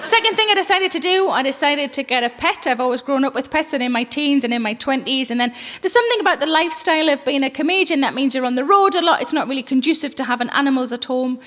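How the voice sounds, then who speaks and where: A woman's voice: high voice, fast, hardly any pauses, big-room sound, some chatter behind. A middle-aged woman performing a stand-up comedy set, telling stories bluntly and swearing freely. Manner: blunt, swearing, animated storytelling. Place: theater stage with live audience.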